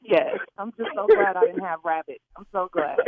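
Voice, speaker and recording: A woman on a phone call with a radio show who swears, shouts and laughs loudly. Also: mid-range voice. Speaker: prank call target. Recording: dry tinny phone line.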